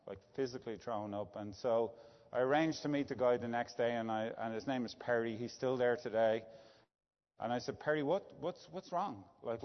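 Middle-aged Irish man, anecdotal executive storyteller, muffled low-fi audio. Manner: anecdotal, tag questions like "right?". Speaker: business executive. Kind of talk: conversational storytelling. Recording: dull lo-fi sound with long reverb.

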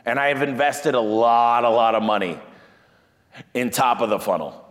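Male business owner, energetic storyteller, medium pitch, reverberant room. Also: normal speed. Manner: energetic storyteller, acts out quoted clients in a higher voice. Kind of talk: animated business talk.

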